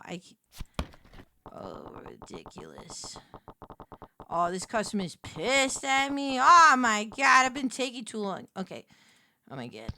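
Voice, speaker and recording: A young woman streamer giving casual gameplay commentary, excitable and talking to herself, shouting when flustered. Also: on the high side, unhurried, pauses often.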